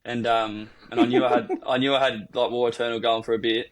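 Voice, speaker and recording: A man's voice: medium pitch, level tone, fairly quick. A young Australian man co-hosting a podcast, telling a rambling, sweary story in casual chat. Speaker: podcast co-host.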